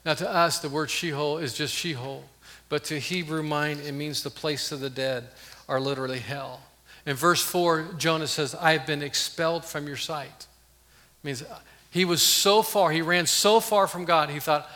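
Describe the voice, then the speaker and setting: A man preaching a sermon as pastor, earnest, swinging from loud emphasis to hushed, intimate tones. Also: a little high, fairly even intonation, moderate pace, big-room sound.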